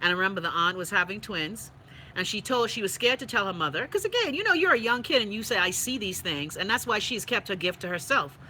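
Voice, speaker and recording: Bahamian woman host, profane and animated, bright forceful voice, casual live-stream chat. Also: medium pitch, fast, slight background noise, low-quality recording. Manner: blunt, profane, animated storytelling.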